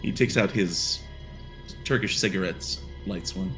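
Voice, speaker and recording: A man with a lowish voice narrating a tabletop game as game master, relaxed and wry. Music plays clearly under his narration. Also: a little slow.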